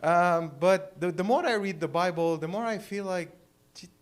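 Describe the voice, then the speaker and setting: A man from the Middle East doing a stand-up set at a small open mic, halting and dry, full of filler words. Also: sits high, clean tone. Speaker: stand-up comedian. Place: small live comedy venue.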